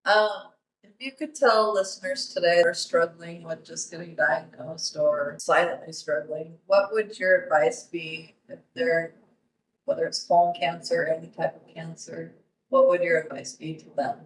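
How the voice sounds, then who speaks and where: Woman, podcast host, supportive, slightly low voice, echoey distant sound. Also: steady tone, normal speed. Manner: supportive, faith-focused, with short affirmations. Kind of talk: casual interview. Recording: roomy, distant mic.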